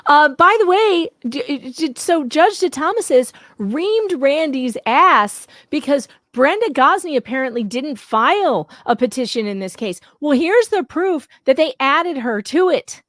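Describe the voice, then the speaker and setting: A woman commentator on a casual livestream, blunt and animated, laughing often. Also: high-pitched, measured pace, hardly any pauses, no echo, clean studio sound. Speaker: YouTube commentator.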